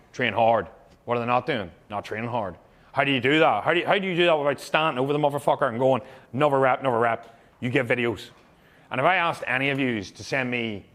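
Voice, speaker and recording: A man's voice: mid-range voice, fairly bright tone. A young man, a fitness coach, giving blunt, heavily profane, emphatic advice to fellow coaches.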